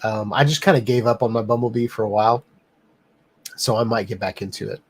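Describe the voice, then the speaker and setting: A man hosting a casual live stream, rambling and filling pauses with lots of "um.". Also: lowish voice, breathy edge. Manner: rambling, many "um" fillers. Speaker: livestream host.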